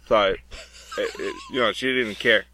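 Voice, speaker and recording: A man's voice: medium pitch, huge pitch swings, measured pace, very noisy. A middle-aged man, a podcast guest, telling stories in a rambling, hesitant way with many fillers. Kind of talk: casual chat.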